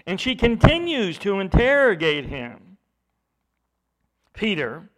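Slow, expressive preaching man. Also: high voice. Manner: expressive preaching, swells loud then drops soft. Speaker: pastor. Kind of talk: sermon.

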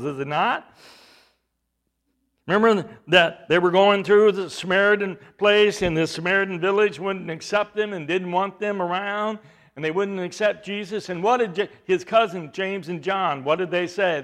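A man preaching a sermon, emphatic, with rhetorical questions and swings between loud and hushed delivery. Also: sits high, moderate pace.

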